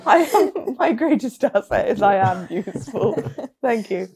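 Teasing young woman with a gravelly edge. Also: medium pitch, animated, moderate pace, darkish tone. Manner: teasing and giggly. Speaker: podcast co-host. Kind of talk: casual chat.

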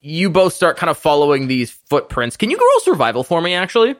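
Brief: casual male game master, lively and animated, somewhat high voice. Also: fairly quick, no room sound, studio quality. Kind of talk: narrating a tabletop game.

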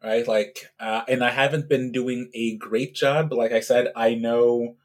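A man who is a guest on a podcast, talking casually about his amateur cycling in a relaxed, chatty way, often checking in with "right?". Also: mid-range voice, a little slow, a little hiss or hum. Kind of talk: casual interview talk.

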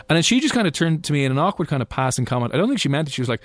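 A man talks fast in casual chat as a radio co-host. He tells self-mocking stories and keeps them moving. The sound is dry and close. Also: a little high, big pitch swings, dry recording. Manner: quick, storytelling, self-mocking.

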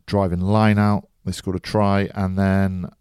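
A man with a very low, deep voice talks through a rugby match on a casual podcast, calm and matter-of-fact. His teasing is dry. The sound is close and dead, with no room echo at all. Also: a little slow, smooth. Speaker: podcast co-host, rugby pundit. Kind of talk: casual sports podcast chat.

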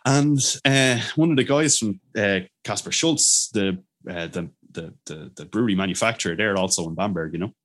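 Male interview guest with a lowish voice, keen storyteller, rambling and animated. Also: normal speed, few pauses. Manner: enthusiastic storyteller, many fillers and restarts, animated quoted voices. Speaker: brewery owner, guest. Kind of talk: casual interview chat.

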